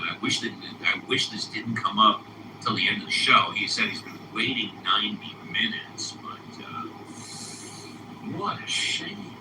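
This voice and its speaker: A man hosting a live audio chat room, moderating callers with animated, drawn-out calls and repeated phrases. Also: fairly low pitch. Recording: echoey, distant, noisy room pickup.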